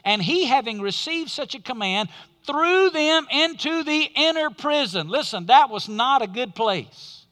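A male pastor preaching a sermon with emphatic delivery and dramatic pauses. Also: very high-pitched, expressive, sharp tone. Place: church sanctuary. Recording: long reverb of a large hall.

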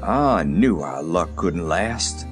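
A man doing a husky resigned old farmer. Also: low voice, expressive, takes it slowly, faint music behind, voice pushed down.

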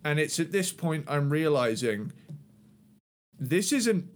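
Slow, wry man reviewing albums. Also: on the high side, very animated. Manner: laughing often, unhurried, wry. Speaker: podcast co-host. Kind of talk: casual music review chat.

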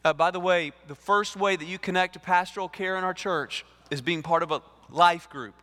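A male lead pastor, preaching a sermon in an animated way, repeating words and acting out dialogue. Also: sits high, normal speed. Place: church sanctuary. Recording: reverberant church hall.

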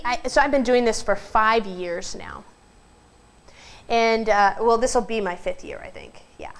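A woman pastor preaching a sermon, telling stories in an earnest way and slowing down for emphasis. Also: a little high, poor audio. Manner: storytelling, earnest, slows for emphasis.

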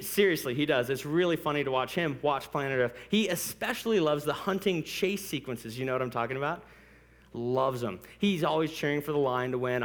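This is a male pastor preaching with a high voice that swoops up and down. He jokes, laughs often and talks to the congregation as if chatting with them. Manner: animated and joking, laughs often; conversational, addresses the congregation directly. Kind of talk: sermon.

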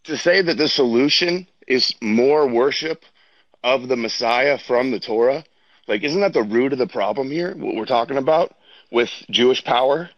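A man's voice: mid-range voice, normal speed, dry recording. Guy out of breath walking outside, pushy and argumentative, muffled lo-fi audio, dry. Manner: insistent, argumentative. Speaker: debate guest. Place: outdoors, walking.

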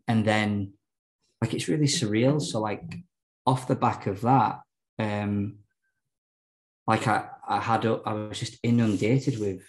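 A man's voice: fairly low pitch, creaky, low-quality recording. A man, a podcast guest telling his story candidly, rambling with lots of fillers and restarts.

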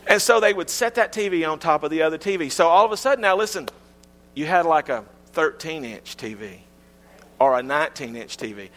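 Middle-aged male pastor, folksy comic sermon delivery, higher-pitched voice. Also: fairly quick, in a large hall. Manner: folksy, humorous storytelling with lively pitch swings.

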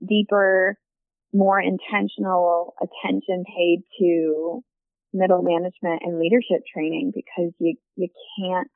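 A woman's voice: on the low side, dry recording. A woman working in construction safety, answering interview questions in an earnest, reflective way. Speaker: safety professional in construction, guest. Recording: dry tinny phone-like line.

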